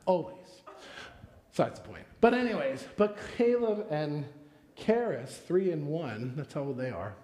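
A man's voice: fairly high pitch, sing-song, normal speed, warm tone. A man in his thirties preaching a sermon in a church, conversational and full of personal stories. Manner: conversational, storytelling with personal anecdotes. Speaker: pastor. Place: church sanctuary. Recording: echoey church hall with long reverb.

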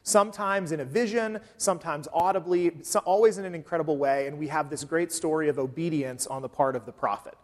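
Man, pastor, casual sermon delivery, slightly high voice, long reverb of a church hall. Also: a little fast, hardly any pauses. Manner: conversational, with frequent um fillers.

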